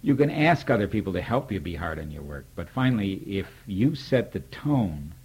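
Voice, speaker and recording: Older man, deep husky voice, candid and wry, tells anecdotes about a mentor. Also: big pitch swings, moderate pace, a little mellow. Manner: candid, wry storyteller who acts out remembered dialogue. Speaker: poet recalling a mentor. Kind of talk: reflective spoken reminiscence.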